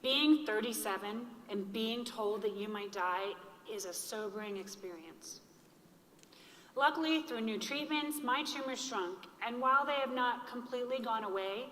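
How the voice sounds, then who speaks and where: A woman in her forties giving an earnest, motivational conference speech on a stage microphone, slowing down to stress key lines. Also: fairly high pitch, a bit bright. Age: 40s. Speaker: keynote speaker. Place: large hall with an audience. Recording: echoey hall reverb.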